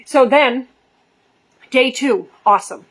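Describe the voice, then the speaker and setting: Middle-aged woman, high voice, animated storytelling vlog, acts out voices. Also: slow. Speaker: behavior coach. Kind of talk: casual storytelling to camera.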